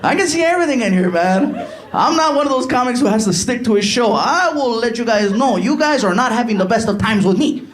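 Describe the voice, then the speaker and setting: A man performing stand-up comedy on a live stage, animated and chatty, ribbing the audience. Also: extremely high pitch, fairly quick.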